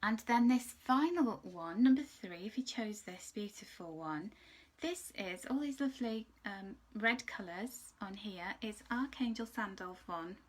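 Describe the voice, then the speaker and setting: A woman giving a chatty, rambling angel card reading, sometimes dropping into soft whispered asides. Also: mid-range voice, lively intonation, unhurried. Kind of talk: casual spiritual card reading.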